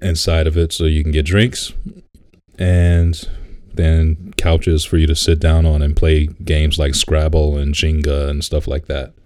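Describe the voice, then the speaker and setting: A man's voice: a bass voice, level tone, unhurried, darkish tone, no room sound, studio quality. A man co-hosting a podcast, telling stories in a laid-back, casual way, swearing and laughing often. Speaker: podcast co-host. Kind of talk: casual chat.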